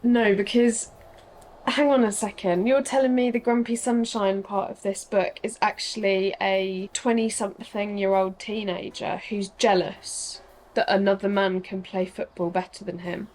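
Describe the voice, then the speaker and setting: A woman's voice: mid-range voice, steady tone, measured pace, a little mellow. A young woman chatting casually in a reading vlog, ranting in an exasperated way and asking rhetorical questions. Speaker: book vlogger.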